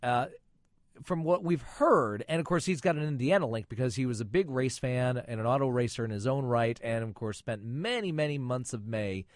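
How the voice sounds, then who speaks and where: A man's voice: medium pitch, normal speed, no echo, studio quality. A man reviewing films and chatting on the radio, with chatty joking asides. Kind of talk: casual radio chat.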